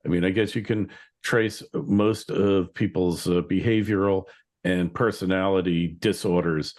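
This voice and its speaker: A man's voice: low-pitched, fairly even intonation, a little slow, darkish tone. A man hosting an interview podcast, musing aloud in a rambling way with many fillers. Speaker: podcast host. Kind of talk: casual interview chat.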